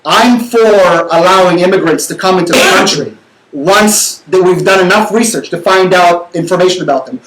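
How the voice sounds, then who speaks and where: A man hosting a talk show, arguing passionately and fast, repeating words when worked up. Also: high-pitched, echoey room, noisy background. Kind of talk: heated talk-show debate.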